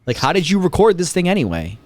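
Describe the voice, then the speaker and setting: A man's voice: sits high, wildly swooping pitch, fast talker, dry recording. A man hosting a podcast, chatting casually and jokingly retelling scenes with many fillers. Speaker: podcast host. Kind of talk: casual chat.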